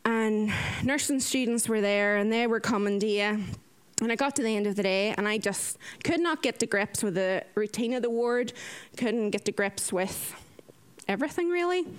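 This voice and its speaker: A woman, a nurse, telling a personal story in a casual, animated way. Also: on the high side, moderate pace, smooth. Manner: lively, animated retelling with acted-out quotes.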